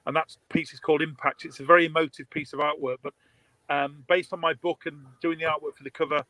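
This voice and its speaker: Emphatic man with a bright voice. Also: on the high side, little pitch movement, fast talker, no room sound, poor audio. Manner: emphatic, enthusiastic, repeats words. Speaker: guest, author and artist. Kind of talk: casual chat.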